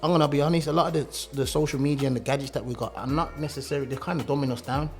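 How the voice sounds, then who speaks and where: A man appearing as a guest on a casual podcast, speaking in a measured, earnest way and repeating words as he builds a point. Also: mid-range voice, steady tone, music in the background. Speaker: guest, gospel rapper and youth worker.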